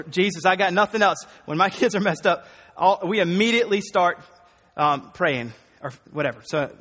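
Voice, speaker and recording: A man delivers a sermon as a pastor, talking in a loose, conversational way with quick asides and laughs. His voice sits high for a man. The sound carries the long reverb of a church hall. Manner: conversational, animated, with self-corrections and laughs.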